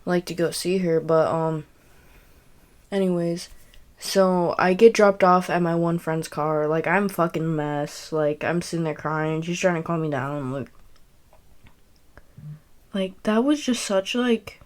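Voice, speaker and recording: A woman's voice: lowish voice, unhurried, pauses often. A young woman telling a personal story in a casual, rambling way, full of fillers and self-corrections. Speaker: podcast host.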